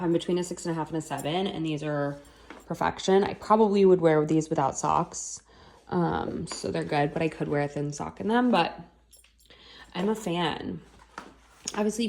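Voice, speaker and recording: A woman with a slightly low voice talks casually to her camera at home. She rambles loosely, with plenty of fillers, and a faint hiss sits under her voice. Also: darkish tone. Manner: chatty, rambling, lots of fillers; baby talk to her pets. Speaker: vlogger. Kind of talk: casual chat.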